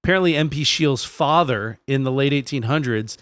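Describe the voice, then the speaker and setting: A man's voice: medium pitch, brisk, a bit bright, dry recording. Man, podcast co-host, casual joking chat, dry close sound. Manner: joking, profane, drifting into silly put-on voices.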